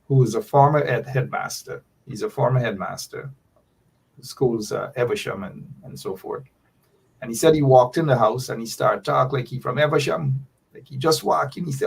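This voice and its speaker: A man's voice: medium pitch, creaky, slightly rough, recorded from a distance, poor audio. A man hosting a talk show, telling stories in a playful, chatty way. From Guyana. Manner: storytelling, playful. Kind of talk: casual talk show chat.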